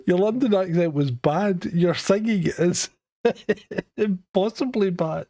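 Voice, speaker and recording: A man's voice: sits high, slow, long pauses, warm tone, no echo. A man hosting a podcast in casual chat, teasing his guest and laughing often. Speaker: podcast host.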